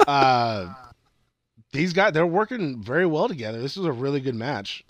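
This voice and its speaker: A man recapping a wrestling show in casual chat, rambling and swearing, with excited outbursts. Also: medium pitch, normal speed, dry recording. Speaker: podcast co-host.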